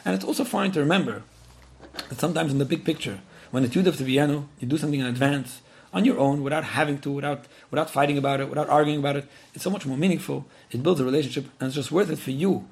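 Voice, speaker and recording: A man's voice: on the high side, quick pace, creaky, darkish tone. A man giving earnest advice in answer to a listener's letter, often repeating words and acting out what people might say. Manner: earnest, repeats words, acts out quoted speech. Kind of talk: advice talk.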